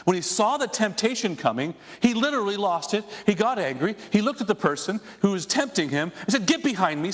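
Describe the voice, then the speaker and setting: A man's voice: high-pitched, long reverb tail. A man preaching a conversational sermon as a pastor, asking his congregation rhetorical questions. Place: church sanctuary.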